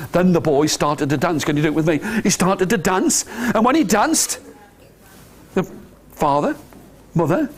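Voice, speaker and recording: Male storyteller, high and very lively, for a nursery audience. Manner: animated, coaxing children to join in. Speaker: children's storyteller. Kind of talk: interactive storytelling for toddlers. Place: nursery school room.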